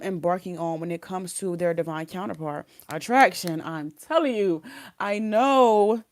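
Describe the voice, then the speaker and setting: A woman's voice: on the low side, a little mellow, no room sound. Chatty woman giving a tarot reading. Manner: rambling, giggly, full of fillers and restarts. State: talking around a sore wisdom tooth. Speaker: tarot reader. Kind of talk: casual spiritual reading monologue.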